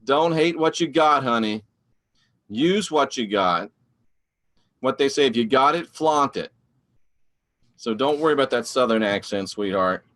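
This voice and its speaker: Guy on a live stream, middle pitch, rambling and fired up, chatting to his viewers. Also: a little slow, pauses often. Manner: animated, rambling, preachy. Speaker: online show host reading live chat. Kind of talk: casual live-stream talk.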